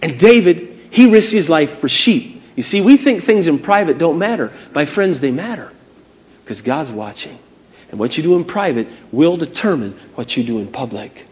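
A male preacher delivers a sermon in a high voice with wide, lively swings in pitch. He tells the story with animation and speaks straight to his listeners. The recording is dull and lo-fi. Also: moderate pace.

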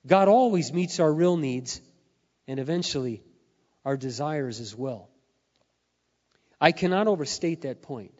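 A middle-aged man preaching a sermon, earnest and confessional, swinging between quiet admissions and loud emphatic peaks, his voice wearing hoarse. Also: fairly high pitch, expressive, a little slow, long pauses. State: losing his voice. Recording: muffled sound in a reverberant hall.

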